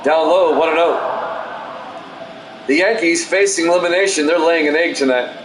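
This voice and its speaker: A man with a slightly high voice calls the game pitch by pitch in an even, soothing manner, with no regional accent to place him. His voice bounces around an echoey room, and steady background noise runs under every call. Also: unhurried. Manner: calm, self-described soothing delivery with asides. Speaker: play-by-play announcer. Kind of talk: solo play-by-play of a simulated baseball game, chatting with stream viewers.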